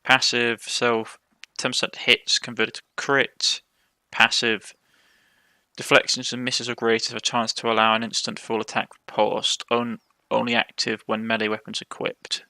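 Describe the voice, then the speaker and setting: A man's voice: mid-range voice, monotone, moderate pace, sharp tone, no echo. A man with a Cornish accent playing a game, reading its text aloud and commenting as he goes, often stumbling and correcting himself. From Cornwall, England. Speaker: let's play host.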